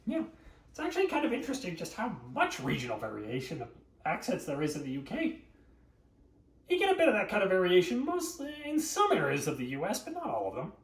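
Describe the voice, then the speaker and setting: A man's voice: sits high, huge pitch swings, fast talker, distant mic. A man hosting a live cooking stream, chatting and joking with viewers and laughing often. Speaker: livestream cooking host. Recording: echoey room, voice off-mic.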